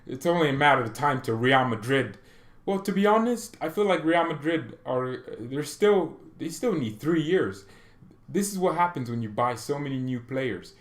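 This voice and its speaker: A man's voice: medium pitch, animated, normal speed, roomy sound. A man hosting a football fan channel, talking in a rambling, opinionated way, often breaking off and restarting mid-sentence. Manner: rambling, opinionated, self-interrupting. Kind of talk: casual football commentary vlog.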